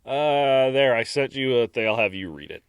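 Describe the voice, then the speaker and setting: A man co-hosting a podcast, narrating a dark history story with dramatic pauses and laughing easily in banter. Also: mid-range voice, clear, resonant tone, no room sound, studio quality. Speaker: podcast co-host.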